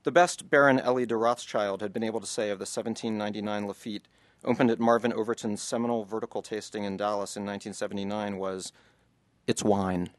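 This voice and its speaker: A man with a lowish voice talks quickly and with little inflection. He's an author reading passages from his book to an audience, then taking questions in a loose, conversational way.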